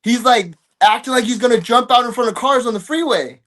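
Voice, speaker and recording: A man's voice: very high-pitched, fairly quick, a bit bright. A man talking casually as an interview guest, rambling and swearing, with lots of fillers. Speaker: guest fighter.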